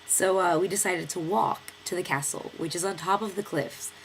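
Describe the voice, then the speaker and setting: A young American woman in her twenties tells a long story in a rambling vlog, stuffy-nosed from a cold. Her voice sits fairly low and has a gravelly, fry-laden edge. There is a faint hiss of noise under her voice. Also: moderate pace. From United States. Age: 20s. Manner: chatty, lively storytelling with many fillers and acted quotes. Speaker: vlogger.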